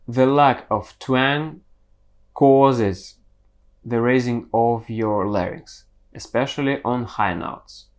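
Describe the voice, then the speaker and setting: A man teaching singing, explaining step by step with the odd self-correction. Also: medium pitch. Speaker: vocal coach.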